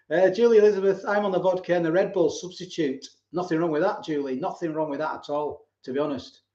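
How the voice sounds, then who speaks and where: A man in his forties chats casually as the host of a live stream, with a slightly high voice. He rambles through his stories, repeats words and chuckles along the way. The recording is roomy and dull, with a lo-fi home-stream sound. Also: steady tone, fairly quick, mellow. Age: 40s.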